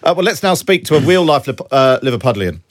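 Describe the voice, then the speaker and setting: A male presenter in a radio studio, his medium-pitched voice dry and close. He talks in halting bursts full of fillers as he leads the show. The studio sound is tight and dead. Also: very animated, no room sound. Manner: hesitant, filler-heavy. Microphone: studio mic.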